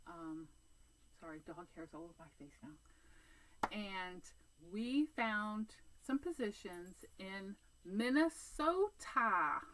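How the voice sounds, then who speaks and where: A woman's voice: mid-range voice, rough recording. A woman chatting casually to her viewers as a cross-stitch vlogger, sitting outdoors, rambling along with many fillers and restarts. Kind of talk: casual vlog chat.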